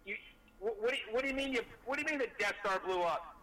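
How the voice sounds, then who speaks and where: A man's voice: sits high, lively intonation, fast talker, sharp tone, recorded from a distance. A man voicing a blustering cartoon emperor who sputters and curses with outrage down a phone line. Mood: outraged. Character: angry cartoon emperor on the phone, male, middle-aged, blustering.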